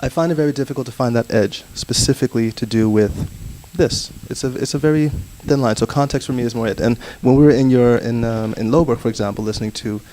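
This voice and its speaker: A man speaking quickly as a panelist at a live seminar. He is animated and talks in a mid-range voice. He now and then acts out short voices to make his point. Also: mid-range voice, rough recording. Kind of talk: panel discussion.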